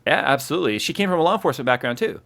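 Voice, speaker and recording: A man hosting a casual livestream chat, telling stories in an animated way and acting out the scenes. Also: a little high, rapid-fire. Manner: animated storyteller who acts out scenes. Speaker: host.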